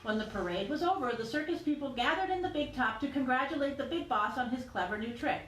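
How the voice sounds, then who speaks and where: A woman, a teacher, reading a picture book aloud with animated storytelling. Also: high-pitched, fast. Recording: roomy echo with faint noise.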